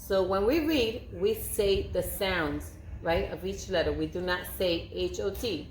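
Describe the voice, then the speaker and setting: A woman's voice: fairly low pitch, a little slow, hardly any pauses, echoey room, slight background noise. A woman teaching a circle-time lesson to young children, speaking in a patient, sing-song way and drawing out her words. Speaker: preschool teacher.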